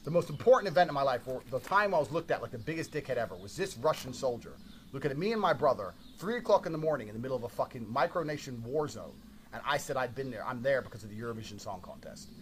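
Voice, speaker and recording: A man's voice: medium pitch, lively intonation, fast, a little hiss or hum. A man telling a story in a casual monologue, brash and swearing constantly.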